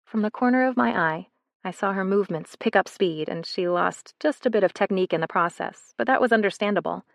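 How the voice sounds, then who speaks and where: A woman reading a first-person romance novel in a soft, intimate way, as scripted narration. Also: mid-range voice, a little fast, creaky, dry recording, studio quality. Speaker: audiobook narrator.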